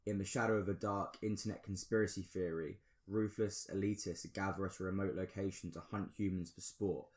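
Give me a man doing a plummy, posh voice reading a film synopsis, low-pitched. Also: fairly even intonation, natural voice. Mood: mock-grand. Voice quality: plummy posh delivery, slow and measured.

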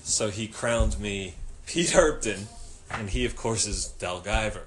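A man hosting a podcast, telling an animated, funny story, laughing and swearing freely as he goes. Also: fairly low pitch, a little slow, a little hiss or hum. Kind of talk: casual storytelling chat.

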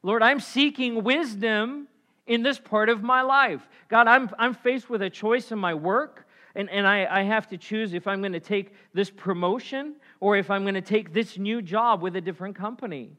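A male pastor preaching with a bright, forceful voice pitched a little high. He swings from loud, emphatic calls to quiet, low asides to the congregation. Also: normal speed. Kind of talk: sermon.

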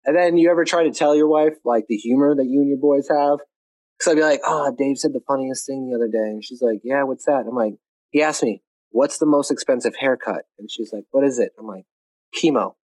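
A man's voice: mid-range voice, brisk, a little mellow. A man in his thirties, a podcast guest, telling crude stories and giggling. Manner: storytelling with crude jokes, giggly. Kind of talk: casual chat.

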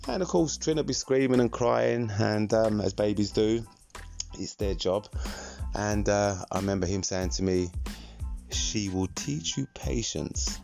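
A man's voice: sits low, gravelly, mellow. An older man hosting a solo podcast, telling stories in a rambling, laid-back, chatty way. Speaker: podcast host. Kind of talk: reflective solo storytelling podcast.

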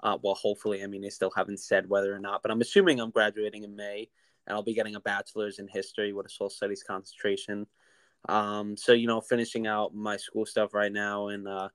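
Young guy on a podcast, lowish smooth voice, dry sound, rambles easy with lots of "you know". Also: dry recording. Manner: relaxed, rambling with many fillers. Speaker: podcast co-host. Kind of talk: casual chat.

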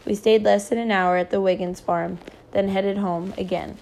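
A woman reading a novel aloud in a steady, even manner. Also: medium pitch, normal speed, creaky, slight background noise. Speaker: reader.

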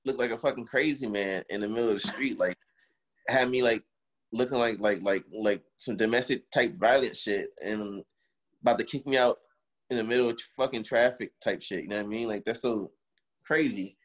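A man's voice: lowish voice, normal speed. A young man in casual chat, animatedly telling a story, swearing and acting out the quotes.

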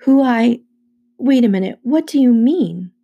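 A woman's voice: on the high side, lively intonation, a little slow, gravelly, husky, dull audio, voice pushed up, full character voice. A woman voicing an anxious, sarcastic twelve-year-old boy who fires off incredulous questions. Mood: alarmed.

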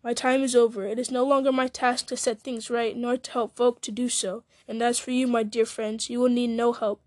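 A woman reading the lines of an old male wizard, grave and measured. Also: fairly high pitch, little pitch movement, a little mellow, dry recording, lightly acted.

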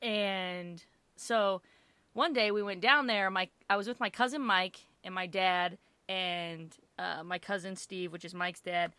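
A woman casually telling a family story, animated and full of fillers, with bursts of swearing. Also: lowish voice, unhurried, clear, resonant tone, dry recording. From Italian-American family. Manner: animated, lots of fillers, swears, acts out quotes loudly.

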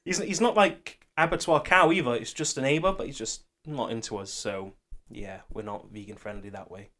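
A man in a casual chat among friends. He rambles, restarts his sentences and laughs easily. His pitch sits in the middle range. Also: moderate pace, fairly bright tone. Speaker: podcast co-host.

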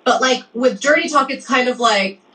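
Bright, high-voiced woman giving frank advice. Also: moderate pace, rough recording. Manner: relaxed, filler-heavy, frank. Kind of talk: casual advice chat.

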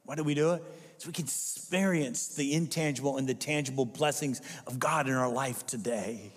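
A man's voice: mid-range voice, normal speed, long reverb tail. A male pastor preaching a sermon with emphatic delivery, firing rhetorical questions at the congregation.

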